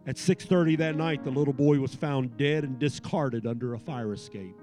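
A man preaching a sermon in church, swinging from hushed tones to shouting. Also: medium pitch, normal speed. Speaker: pastor. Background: soft piano keys.

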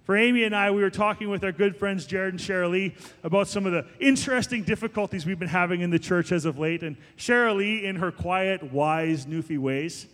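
A man in his forties preaching a sermon as pastor, animated and emphatic, rising to higher peaks. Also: a little fast, few pauses. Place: church sanctuary. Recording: long hall reverb.

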